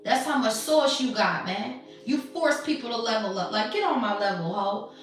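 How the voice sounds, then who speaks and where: A woman's voice: a little high, animated, moderate pace, far from the mic, faint music behind. Brash woman in an echoey room. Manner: blunt, profane, slangy and mocking. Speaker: tarot reader. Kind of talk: casual tarot reading monologue.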